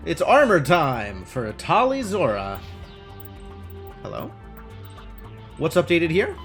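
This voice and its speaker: A man's voice: fairly high pitch, huge pitch swings, slow, fairly bright tone, faint music behind. A young man streaming a game live, chatting casually with wry, sarcastic asides while he plays. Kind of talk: casual live gameplay commentary.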